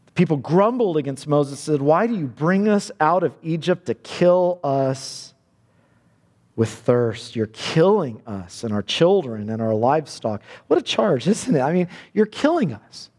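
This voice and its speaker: A man's voice: on the high side, big pitch swings, a little slow, a little mellow. Earnest preacher man in a reverberant hall. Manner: earnest, repeats words when building a point. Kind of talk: sermon.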